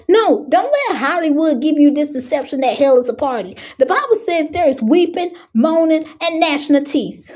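A woman's voice: sits high, brisk, a little mellow, highs cut off. A young adult woman, preaching with rising fervor and fighting back tears. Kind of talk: impassioned preaching.

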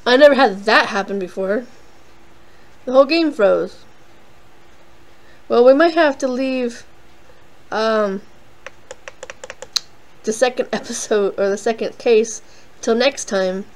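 Playing through a game casually, a young let's play host rambles, pokes fun at herself and fills her speech with fillers. She speaks on the high side at a slow pace with long pauses, over poor audio.

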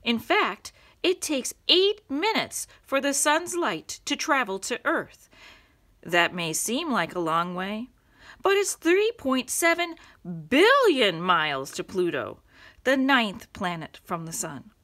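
A woman's voice: on the high side, sing-song, takes it slowly, pushed and bright, voice pushed up, full character voice. A woman voicing a polite, earnest young schoolboy in a children's storybook, explaining things carefully.

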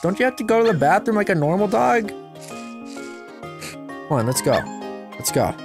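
A woman's voice: mid-range voice, sing-song, normal speed, pauses often, over music. A woman giving casual gameplay commentary, sarcastic and playful, chatting to a virtual puppy.

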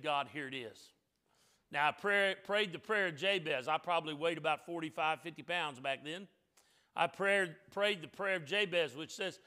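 A man preaching a sermon in a church, emphatic, moving between loud declarations and soft, joking asides to the congregation. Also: high voice. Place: church sanctuary.

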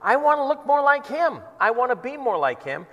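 A man's voice: very high-pitched, big pitch swings, brisk, a bit bright, dull audio. A male pastor preaching at a church worship service in an earnest, conversational storytelling manner. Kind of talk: sermon. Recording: long reverb in a church hall.

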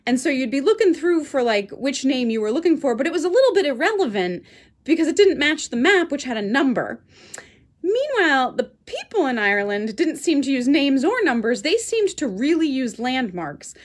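A woman Pilates instructor telling a chatty, animated story while her class holds a plank. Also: sits high, moderate pace.

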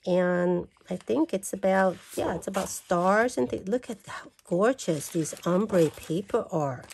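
A woman's voice: mid-range voice, measured pace, creaky, darkish tone, a little hiss or hum. A woman vlogger gushing and exclaiming as she unboxes and flips through craft paper. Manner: gushing, exclaims over everything. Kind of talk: casual unboxing chat.

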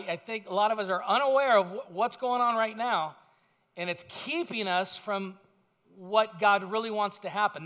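A man with a high-sitting, somewhat bright voice preaches a sermon as a pastor. He tells it like a conversational story, slipping in self-deprecating asides.

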